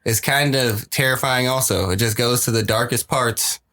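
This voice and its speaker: A man's voice: mid-range voice, normal speed, bright, forceful tone. A man co-hosting a podcast, chatting casually and joking with profanity. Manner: joking, profane, puts on voices for laughs. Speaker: podcast co-host. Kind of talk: casual chat.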